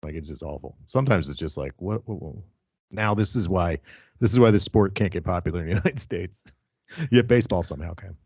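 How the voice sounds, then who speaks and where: A man hosting a casual podcast chat, animated and jokey with plenty of swearing. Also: low voice, quick pace, slightly rough, no echo. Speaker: podcast host.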